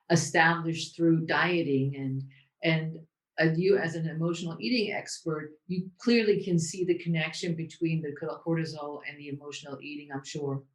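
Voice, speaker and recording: Deep-voiced woman host in an echoey room. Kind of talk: casual interview talk.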